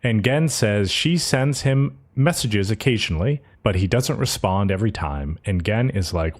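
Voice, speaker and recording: A young man in casual podcast chat, walking through an anime episode scene by scene. His pitch swings widely as he talks, and now and then he slips into quick character voices while retelling. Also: animated. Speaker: podcast co-host.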